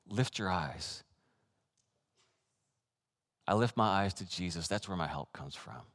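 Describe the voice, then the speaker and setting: A man preaching a sermon, animated and excitable, acting out quoted voices and breaking into soft laughs. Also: fairly low pitch. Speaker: pastor.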